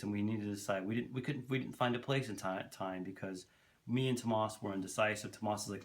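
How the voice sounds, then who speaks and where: A man's voice: on the low side, fairly even intonation, fast talker. A man telling a long personal story to camera for his vlog, rambling and candid, swearing freely and tripping over his words. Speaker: vlogger.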